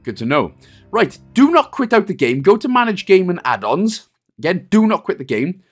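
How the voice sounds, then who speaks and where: A man's voice: sits high, sing-song, normal speed, faint music behind. A man hosting a game walkthrough, talking playfully and joking with made-up wordplay. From Wales. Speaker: gaming guide host.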